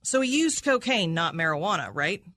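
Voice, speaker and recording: Aggressive woman cross-examining, bright tone. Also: lowish voice, big pitch swings, normal speed, no room sound, studio quality. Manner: aggressive, repeats answers back with "right?". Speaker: prosecutor.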